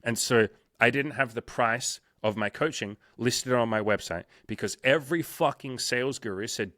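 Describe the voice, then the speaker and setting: A man's voice: mid-range voice, normal speed, hardly any pauses, pushed and bright, no echo, clean studio sound. A man talking as a coach in a casual podcast conversation, swearing often and acting out quoted exchanges with emphasis. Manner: profane, emphatic, acts out sales calls in quoted voices. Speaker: dating and life coach.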